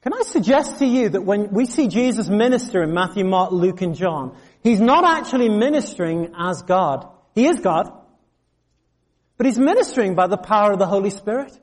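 Here a man with a high-sitting voice speaks at an ordinary pace, his sound filling a big room. His sermon is animated storytelling, complete with acted-out voices for the people he describes.

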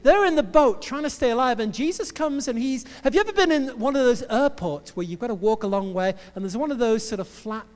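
A male preacher delivers his sermon in a playful, joking way. His voice sits very high, and the sound comes with a long reverb from a large hall. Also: lively intonation, a little fast, few pauses, a little mellow. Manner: playful, jokey storytelling.

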